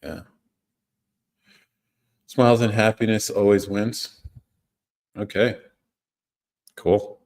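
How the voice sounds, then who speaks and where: A livestream host with a lowish, darkish voice chats casually with viewers, reading their comments. He is laid-back, chuckles often and trails off, speaking slowly with long pauses.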